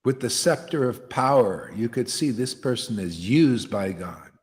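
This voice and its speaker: A fiery, blunt male preacher gives an impassioned devotional sermon in a reverberant hall as a spiritual teacher leading satsang. His mid-range voice is animated, a little mellow, and measured in pace, and he often says "man" in his slangy delivery.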